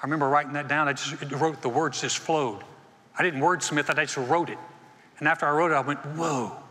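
A senior pastor preaching a sermon in a folksy storytelling way, acting out little dialogues between churchgoers. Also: male voice, fairly high pitch, steady tone, fast, pushed and bright. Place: church auditorium. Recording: long hall reverb.

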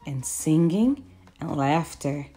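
A woman reading a children's picture book aloud as storyteller, expressive and unhurried. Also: low-pitched, husky.

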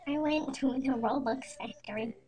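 A woman narrating a parody storytime in a quiet, deadpan, mock-serious way. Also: sits high, normal speed. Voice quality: quiet, soft-spoken. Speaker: storytime animator. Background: faint music.

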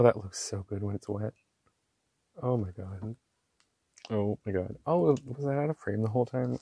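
A man chatting casually while swatching inks, gushing and excitable, with slangy talk and lots of fillers. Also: on the low side, takes it slowly, long pauses, no echo. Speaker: ink swatching vlogger.

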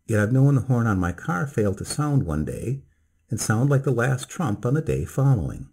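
A man voicing a cheerful middle-aged male country doctor who talks in brisk, teasing, clipped phrases. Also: mid-range voice, big pitch swings, darkish tone, husky. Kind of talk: storybook reading.

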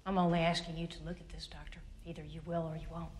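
An actress playing an earnest young female trainee agent who answers in a measured, guarded way. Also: deep voice, level tone, a little hiss or hum, natural voice. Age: young adult. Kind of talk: film dialogue.

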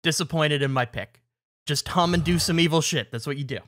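A man's voice: fairly high pitch, a little fast, a bit bright, dry recording. A man co-hosting a podcast in casual chat, teasing his co-hosts and laughing often. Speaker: podcast co-host.

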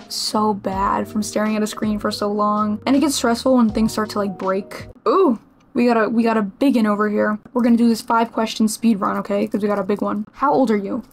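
A 21-year-old woman from Massachusetts, a streamer answering viewer questions in a casual vlog, chatty and playfully self-mocking. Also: mid-range voice. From Massachusetts, USA.

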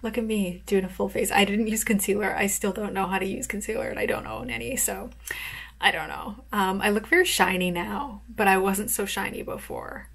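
A woman's voice: medium pitch, fairly quick, vocal fry, husky. Chatty woman author vlogging. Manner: chatty, rambling, many fillers and soft laughs. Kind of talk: casual vlog chat.

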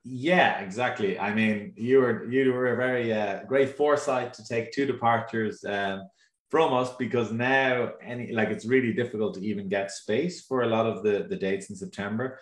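Chatty Irish man with a low voice. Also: normal speed, roomy sound. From Ireland. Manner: chatty, enthusiastic, many ums and uhs. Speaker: tour operator representative. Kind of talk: casual presentation on a live stream.

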